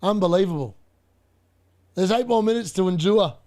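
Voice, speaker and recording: A young man commentating live on a football match for his fantasy football stream, excitable, laughing often and talking to his chat. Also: high voice, moderate pace.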